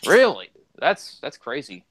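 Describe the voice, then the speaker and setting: A man's voice: fairly high pitch, huge pitch swings, a little slow, a bit bright, slight background noise, rough recording. A man co-hosting a casual gaming chat, rambling through game trivia with lots of fillers. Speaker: co-host.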